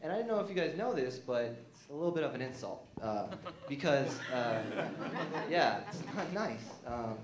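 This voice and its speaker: A young man with a mid-range voice and lively intonation does a rambling, self-deprecating stand-up set on a small theater stage, talking at normal speed and full of fillers and restarts. The room is reverberant, with crowd noise.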